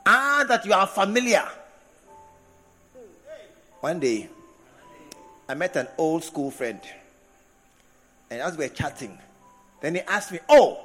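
A man preaches a sermon in a high, lively voice that swoops up and down. He breaks into laughing asides and stretches key words for emphasis. The sound carries the long echo of a big hall with faint music behind it. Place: large hall with congregation. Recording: echoey hall from a distance.

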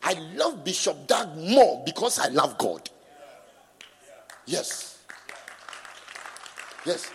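Gravelly, husky preacher in a reverberant hall. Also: male voice, on the high side, big pitch swings, slow, long pauses, slight background noise. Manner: emphatic, swings from soft asides to shouting; prompts the congregation for responses. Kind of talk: sermon with scripture reading. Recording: long reverb in a large hall.

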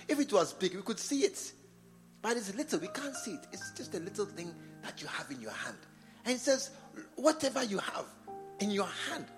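A man with a Ghanaian English accent preaching a sermon in church, repeating phrases and swinging from quiet talk to loud exhortation. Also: sits high. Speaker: bishop preaching. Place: church service.

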